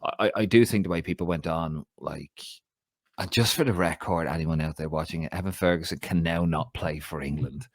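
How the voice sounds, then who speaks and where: An Irish man co-hosting a podcast, chatting casually about football, animated and swearing freely as he rants. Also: low voice, a little fast, no echo, clean studio sound. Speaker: podcast co-host.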